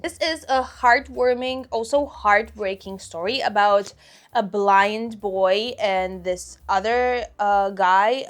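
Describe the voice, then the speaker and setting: A woman vlogging a casual book haul, bubbly and giggly, gushing with excitement. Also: a little high.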